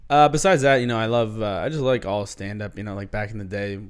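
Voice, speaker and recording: A man's voice: lowish voice, steady tone, fast talker, clean tone. A man from New Jersey who is a guest comedian, chatting loosely and casually on a podcast.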